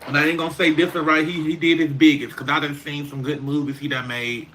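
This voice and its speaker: A man's voice: on the high side, flat delivery, quick pace, fairly bright tone, slight background noise. A man chatting casually on his livestream, rambling and talking straight to his viewers.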